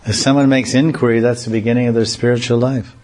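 A man's voice: mid-range voice, little pitch movement, fast, a little mellow. A man giving a devotional talk, telling humorous anecdotes and often chuckling. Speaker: devotional preacher. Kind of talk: lecture with acted anecdotes.

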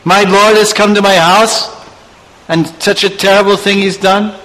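A man's voice: high-pitched, fairly even intonation, normal speed, pushed and bright, voice pushed up, rough recording. A man voicing a humble, ashamed male devotee in a sermon story, pleading and anguished.

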